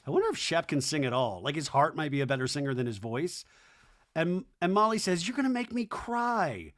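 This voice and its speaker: A man hosting a podcast, recapping a reality TV episode with sarcastic, animated commentary and putting on voices for quotes. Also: a little high, a little fast. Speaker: podcast host. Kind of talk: comedic TV recap.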